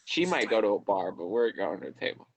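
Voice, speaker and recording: A man's voice: on the low side, big pitch swings, quick pace, breathy edge, dry recording, low-quality recording. A man playing in a tabletop game, talking in a casual, chatty way. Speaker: player.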